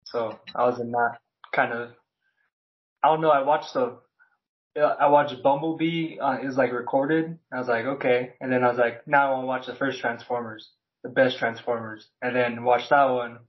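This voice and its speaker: A man's voice: mid-range voice, steady tone, normal speed, dull audio. A man as a podcast guest, chatting casually in a laid-back way, swearing and using many "like" fillers. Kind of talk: casual chat.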